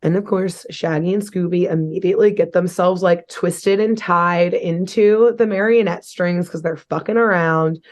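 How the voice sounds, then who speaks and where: A woman's voice: on the low side, moderate pace, hardly any pauses. A young adult woman co-hosting a podcast, recapping a cartoon episode in casual, giggly chat and swearing freely.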